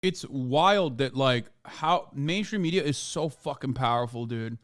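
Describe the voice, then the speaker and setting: A man streaming, reacting to a video with a profane, sarcastic, animated rant. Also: medium pitch, unhurried.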